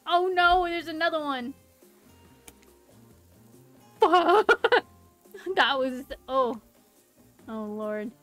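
A woman streamer commentating her own gameplay, excitable and panicky, laughing often. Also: sits high, very slow, long pauses, faint music behind. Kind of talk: live game commentary.

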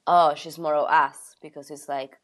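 A woman's voice: sits low, little pitch movement, normal speed. A woman comedian who is a guest on a podcast, chatting casually, laughing often and searching for her words. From Argentina. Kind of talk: casual chat.

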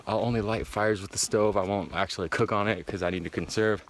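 A man vlogging casually to camera from his van and out on forest trails, excitable and rambling with casual swearing. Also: on the low side, fast, slight background noise. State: out of breath while hiking. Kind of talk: casual vlog talk to camera.

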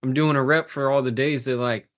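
A man's voice: medium pitch, steady tone, brisk, a bit bright. Passionate, intense man coaching from the heart. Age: adult, has a daughter. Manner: passionate, intense, swears freely. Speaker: guest coach. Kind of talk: emotional podcast talk.

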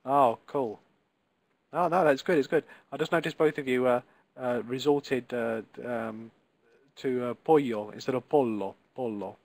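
A man's voice: mid-range voice, a little slow, no room sound. A man teaching a live online Italian class, encouraging and patient, pronouncing Italian words carefully for his students.

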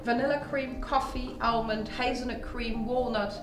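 A woman's voice: a little high, steady tone, moderate pace, reverberant, over music, poor audio. A woman guiding a tasting tour in a distillery museum, explaining its history and listing flavours in a storytelling way. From Netherlands. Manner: explanatory, storytelling, lists products.

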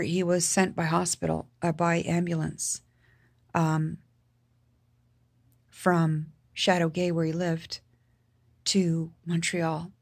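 A woman from Canada with a low-pitched voice tells a painful family story straight to camera. She speaks haltingly, with many fillers and restarts, and grows soft and quiet at the saddest moments. The sound is dry and close. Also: no echo. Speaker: vlogger. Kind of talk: personal storytelling.

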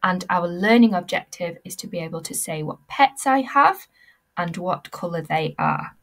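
A woman teacher giving a recorded language lesson, modelling words slowly and clearly for pupils to repeat. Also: on the low side, lively intonation.

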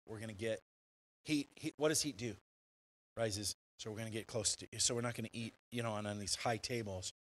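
A male pastor preaching a sermon in a church, animated and conversational, full of rhetorical questions and quick restarts. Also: on the low side, poor audio. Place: church sanctuary.

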